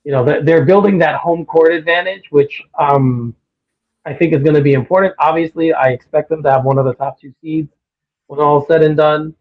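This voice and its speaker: A man with a higher-pitched voice at normal speed co-hosts a casual sports talk podcast, opinionated and growing worked up and animated. He joins remotely over a livestream call, and the line sounds tinny and phone-like.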